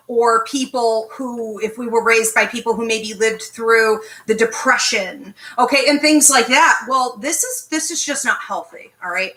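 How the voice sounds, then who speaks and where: A woman with a fairly high, bright, forceful voice leads a live online class. She speaks directly and emphatically and keeps checking in with her listeners. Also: rough recording. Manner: direct, emphatic, frequent "okay?" check-ins. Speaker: psychic medium teaching an online class.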